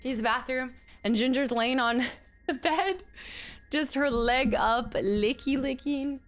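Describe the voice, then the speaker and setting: Chatty high-voiced woman streamer. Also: slow pace. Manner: chatty, laughs often, exclaims during fights. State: out of breath. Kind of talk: casual live-stream gameplay chat.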